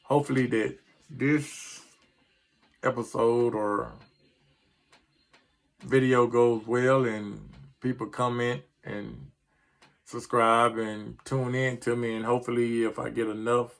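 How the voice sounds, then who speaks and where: A man's voice: medium pitch, flat delivery, slow pace, gravelly, pauses often. A middle-aged man, ranting casually about his sports team in a rambling, frustrated way that trips over words. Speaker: sports vlogger.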